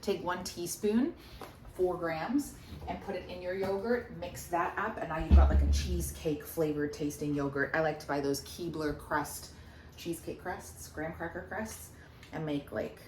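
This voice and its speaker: A woman fitness coach casually talks through a recipe and a meal-logging demo in a recipe vlog, upbeat and gushing. She has a low voice at normal speed, with background noise present.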